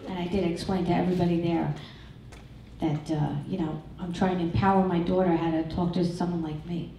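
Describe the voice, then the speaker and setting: A middle-aged woman performing a stand-up comedy set, crude and brash with a deadpan, self-mocking delivery. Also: on the low side, fairly quick, slight background noise. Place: comedy club stage. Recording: echoey club recorded from far off.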